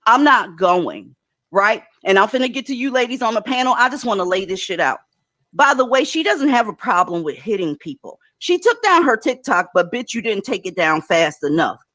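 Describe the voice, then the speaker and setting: A woman's voice: fairly high pitch, sing-song, brisk, a bit bright, no echo, clean studio sound. A woman hosting a profane reaction commentary, talking bluntly and swearing freely as she goes through clips. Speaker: commentary host.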